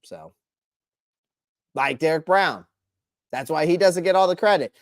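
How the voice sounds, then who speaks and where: A man's voice: a little high, lively intonation, a little slow, dry recording, clean studio sound. Opinionated man hosting a live stream. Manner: opinionated, answers chat by name, restarts a lot. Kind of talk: casual live stream chat.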